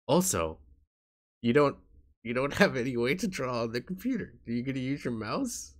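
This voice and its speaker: A man vlogging to his viewers in a soft, halting way, tired and in pain. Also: mid-range voice, expressive. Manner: soft-spoken, halting, with frequent restarts. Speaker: YouTuber. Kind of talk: casual talk to camera.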